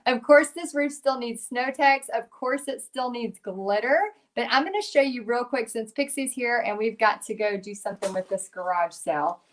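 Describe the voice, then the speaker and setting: A woman's voice: fairly high pitch, normal speed, few pauses. A middle-aged woman, chatty and giggly, rambling through a casual craft demo as the channel's host.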